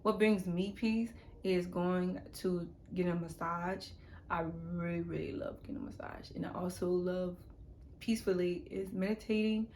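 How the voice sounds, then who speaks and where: A woman's voice: fairly low pitch, fairly even intonation, normal speed, darkish tone, a little hiss or hum. A young adult woman talking casually to camera in a rambling self-help monologue, repeating words and sometimes dropping to a whisper. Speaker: YouTuber.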